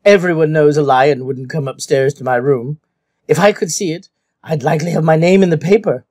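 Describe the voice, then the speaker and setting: A man's voice: a little high, fairly quick, a little mellow, no room sound, clean studio sound, natural voice. A man reading aloud and voicing a fretful, gossipy old woman who complains in an aggrieved whine.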